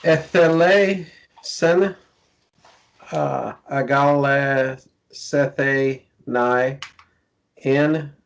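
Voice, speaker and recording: A male student answers his teacher slowly and hesitantly, pausing with ums as he works through his reading. The sound is muffled and lo-fi. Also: medium pitch, steady tone, gravelly. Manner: hesitant, reads slowly with fillers. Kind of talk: answering in class. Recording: muffled lo-fi class recording.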